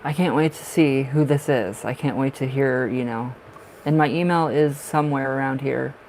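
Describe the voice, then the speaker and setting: A chatty man with a raspy, gravelly smoker's voice talks his way through a live tarot reading stream. His pitch sits in an ordinary middle range, and now and then he sounds short of breath. A faint background noise runs under the recording. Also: normal speed, darkish tone, poor audio. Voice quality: raspy from smoking. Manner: rambling, chatty, laughs often. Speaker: livestream tarot reader. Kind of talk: casual livestream chat.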